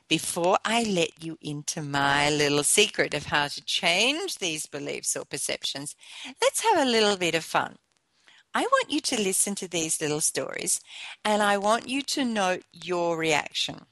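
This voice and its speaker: A woman hosting a motivational talk show, speaking with conversational asides and gentle encouragement. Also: lowish voice, no room sound. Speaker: show host.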